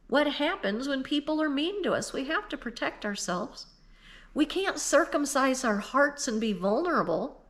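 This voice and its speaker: Earnest woman in her fifties. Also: medium pitch. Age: 50s. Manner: earnest, emotional, at times tearful; speaks directly to the listener. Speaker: Christian speaker. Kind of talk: heartfelt devotional talk.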